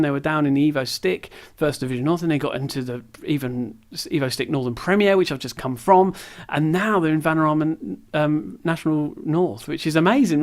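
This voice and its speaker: A young man casually commenting while playing a football management game, rambling with self-deprecating asides, recorded on a camera's built-in mic while sitting on the floor at home. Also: on the high side. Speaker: gaming video creator. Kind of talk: casual let's-play commentary.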